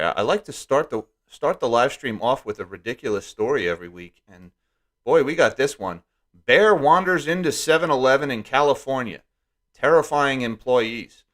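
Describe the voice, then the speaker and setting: A man's voice: mid-range voice, fairly bright tone. A man hosting a live stream, talking casually with wry jokes and asides. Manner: wry and joking, lots of asides.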